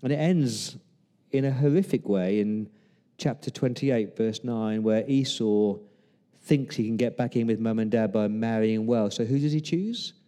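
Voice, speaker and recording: With a lowish, dark voice and an unhurried pace, this man preaches as a pastor. He brings Bible scenes to life with humor, voicing the characters' lines himself, and a long hall reverb trails his words.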